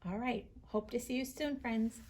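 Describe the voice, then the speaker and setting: A woman teacher giving a writing lesson to young children, slowly stretching out the sounds of words as she writes. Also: fairly high pitch, darkish tone.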